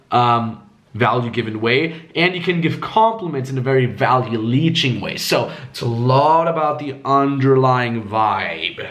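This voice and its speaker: Animated man coaching with lively pitch. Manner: animated, acts out tones with swooping high squeaks, swears freely. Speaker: dating coach. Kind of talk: casual coaching talk.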